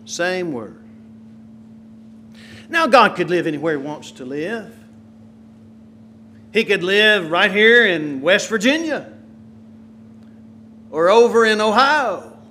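A man preaching a sermon, swinging from quiet, slow asides to loud, emphatic lines. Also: high-pitched, lively intonation.

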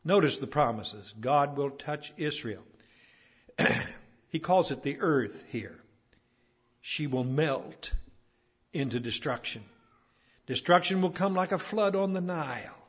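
A man preaching a sermon, building to emphatic peaks and then dropping low. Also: expressive, slow, long pauses, husky. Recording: dull lo-fi recording.

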